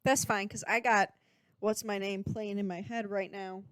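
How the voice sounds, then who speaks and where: A woman's voice: mid-range voice, fairly even intonation, normal speed, a bit bright, clean tone, no room sound. A young woman co-hosting a podcast, chatting playfully and enthusiastically about a movie with plenty of joking. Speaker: podcast co-host. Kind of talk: casual chat about a movie.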